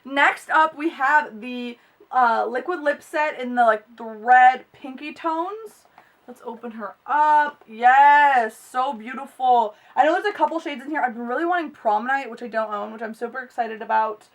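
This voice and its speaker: A young woman unboxing makeup in a vlog, gushing and excitable with gasps and squeals. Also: high-pitched, normal speed, far from the mic. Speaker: beauty vlogger.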